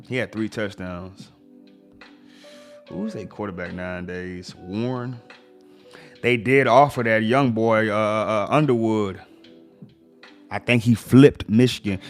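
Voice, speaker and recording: A relaxed man hosting a casual livestream, working through one score after another and tossing in quick slangy reactions. His voice sits fairly low, and soft music plays faintly underneath. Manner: laid-back, reacts to scores with slang asides. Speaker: sports livestream host.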